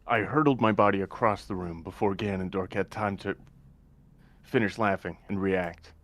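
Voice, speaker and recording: Low-voiced man narrating action, dry sound. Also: moderate pace, a bit bright, no echo. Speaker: player narrating his character. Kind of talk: first-person story narration in a tabletop game.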